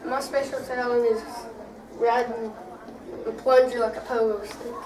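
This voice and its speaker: A young woman giving flat, mumbled answers in a mock interview skit. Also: on the high side, measured pace, a crowd in the background, lightly acted. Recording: noisy, echoey, from far off.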